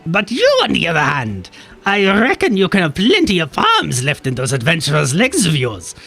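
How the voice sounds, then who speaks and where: A man's voice: on the high side, huge pitch swings, normal speed, creaky, pushed and bright, faint music behind, full character voice. A man voicing an older chain-smoking mum while reading game quest dialogue aloud. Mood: weary.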